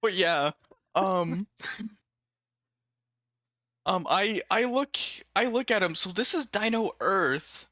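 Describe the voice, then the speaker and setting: A player in a tabletop game, talking in a playful, excitable way. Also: medium pitch, slow, long pauses, dry recording.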